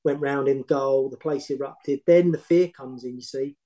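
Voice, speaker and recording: A middle-aged man, a former football manager, telling long animated anecdotes in casual podcast chat with many restarts. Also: mid-range voice, normal speed, rough recording. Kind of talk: casual storytelling.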